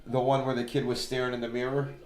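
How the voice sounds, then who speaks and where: A man co-hosting a casual livestream, trading easygoing banter and quick side comments. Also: mid-range voice, flat delivery, a little mellow, low-quality recording. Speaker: livestream co-host. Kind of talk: casual chat during a draft livestream.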